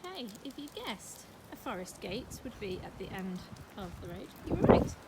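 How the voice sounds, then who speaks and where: A woman's voice: medium pitch, sing-song, moderate pace, very noisy. A woman in midlife hosting a chatty walking vlog outdoors, playful and talking to her viewers and to animals along the way. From England. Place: outdoors on country lanes.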